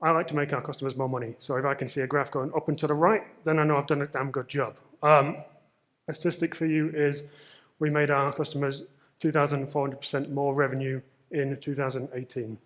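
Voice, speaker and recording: A man's voice: fairly high pitch, little pitch movement, fairly quick, a bit bright. A man with a Manchester accent giving a casual conference presentation on stage, with frequent ums and a self-deprecating humor. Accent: Mancunian English. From Manchester, northern England. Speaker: conference speaker.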